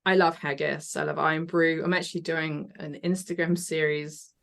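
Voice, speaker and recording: Woman guest, lowish pitch, chatty and eager, quick to laugh. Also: flat delivery, gravelly, a bit bright. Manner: chatty, enthusiastic, laughs often. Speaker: podcast guest. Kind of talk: casual interview chat.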